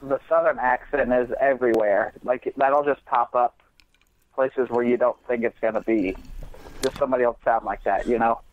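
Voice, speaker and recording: A man from Indiana, a comedian guest on a podcast, talking in a relaxed, hesitant way with many fillers. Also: medium pitch, moderate pace, no echo. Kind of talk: casual podcast interview. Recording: dry, dull lo-fi sound.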